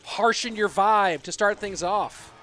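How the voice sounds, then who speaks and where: A man casting an esports tournament on a live stream, rambling casually while reading chat and breaking into excited play-by-play. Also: sits high, a little slow, faint music behind. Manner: rambling, self-deprecating, reads chat aloud; bursts into loud excited play-by-play. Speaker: esports caster.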